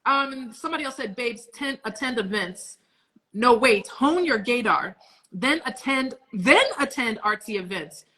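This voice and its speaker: A woman's voice: fairly high pitch, lively intonation, moderate pace, pushed and bright. A woman co-hosting a podcast, chatting playfully and acting out little scenes as she talks. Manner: playful, dramatizing with quoted voices. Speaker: podcast co-host. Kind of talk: casual chat.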